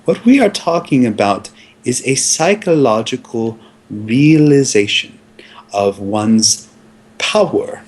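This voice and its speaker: A man playing a pompous slow-talking film scholar. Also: medium pitch, lively intonation, husky. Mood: grandiose. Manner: slow, grandiose, halting with many fillers. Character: pompous male film psychoanalyst, solemn. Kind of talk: improvised comedy sketch.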